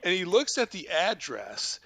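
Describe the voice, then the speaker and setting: A man hosting a podcast, telling a profane comic story in an animated way. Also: high voice, measured pace, no room sound. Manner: animated, swearing, laughing. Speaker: podcast host.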